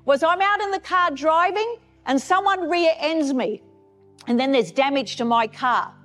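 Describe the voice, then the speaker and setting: A woman's voice: sits high, a little slow, fairly bright tone, soft background music. A woman pastor preaching a sermon in an earnest, emphatic way, repeating key phrases.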